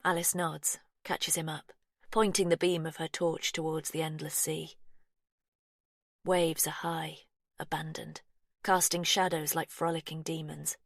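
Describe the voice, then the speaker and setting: Female storyteller for an audiobook; low, hushed and measured, dry studio read. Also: little pitch movement, gravelly, no room sound. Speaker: narrator. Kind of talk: scripted audiobook narration.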